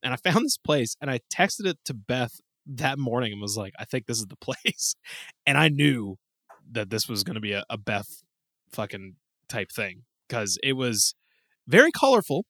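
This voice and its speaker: A man telling a story with animated, casual speech and easy swearing, as a podcast host. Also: medium pitch, moderate pace, no room sound, clean studio sound. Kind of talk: casual chat.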